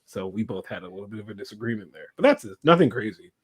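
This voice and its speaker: A man chatting casually, telling rambling stories in a relaxed, slangy and profane way. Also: on the low side, quick pace, husky. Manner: laid-back storyteller, swears, slangy. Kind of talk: casual chat.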